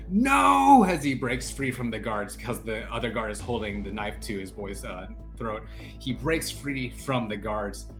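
A man narrating as game master of a tabletop game, halting with many fillers and restarts. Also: lowish voice, fairly bright tone.

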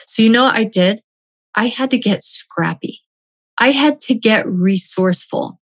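A woman's voice: on the high side, a little slow. A woman telling a personal story as a motivational speaker, stressing her points by repeating key phrases.

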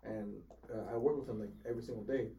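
A man's voice: on the low side, steady tone, vocal fry, warm tone, distant mic, a little hiss or hum. A man co-hosting a casual chat, telling car sales stories and acting out customers in quotes. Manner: fast-talking, acts out customers in quotes. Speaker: podcast co-host, car salesman.

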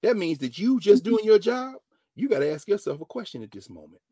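A man, a professor telling a story in an animated lecture and acting out the dialogue. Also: fairly quick, no room sound, clean studio sound. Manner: dramatic, acts out dialogue, swings from low mutters to loud exclamations. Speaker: professor hosting a class-style show.

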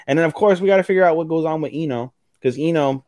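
A man's voice: fairly high pitch, quick pace, crowd noise. A man co-hosting an anime podcast in casual chat, animatedly retelling episodes, swearing freely and slipping into character voices. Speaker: podcast co-host.

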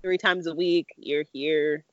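A young woman co-hosting a podcast in casual chat, animated and playful, laughing often and acting out quoted remarks. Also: low-pitched, takes it slowly, no echo, muffled recording. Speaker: podcast co-host.

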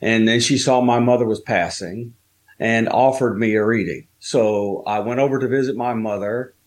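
Man telling a personal story, halting. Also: mid-range voice. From Southern United States. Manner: slow, halting storytelling with fillers. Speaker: guest.

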